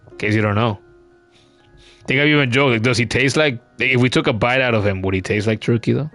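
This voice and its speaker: A man's voice: medium pitch, fairly quick, a bit bright, soft background music. A man giving casual, chatty commentary while streaming a game, cursing now and then and reading chat comments aloud.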